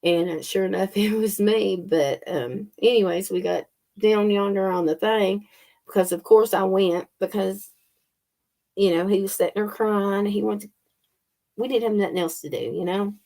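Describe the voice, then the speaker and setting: A woman telling a personal story in a slow, halting way with many fillers. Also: mid-range voice, gravelly, warm tone. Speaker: spiritual channel host. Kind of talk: casual storytelling.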